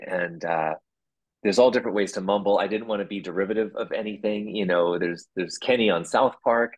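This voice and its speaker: Low, husky-voiced man musing aloud. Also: a little fast. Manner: reflective, rambling with many restarts. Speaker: guest puppeteer. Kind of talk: casual interview talk.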